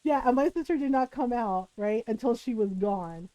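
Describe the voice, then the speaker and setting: A woman's voice: fairly high pitch, expressive, normal speed, dark tone, dry recording, rough recording. A woman streamer casually telling a family story, chatty and full of "like" and swearing.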